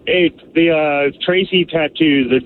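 A man's voice: fairly high pitch, unhurried, distant mic. A man calling in to a radio show, upbeat and joking. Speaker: caller. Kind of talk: phone call-in. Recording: tinny phone line.

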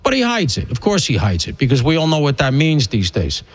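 A man's voice: mid-range voice, huge pitch swings, brisk, poor audio. A man hosting a radio talk show, delivering an opinionated, rambling monologue with emphatic punches and wry asides.

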